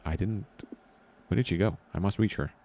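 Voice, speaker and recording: A man voicing a nervous hero, anxious questions, deep voice, game dialogue. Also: warm tone, a little hiss or hum. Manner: anxious questions, quick when flustered.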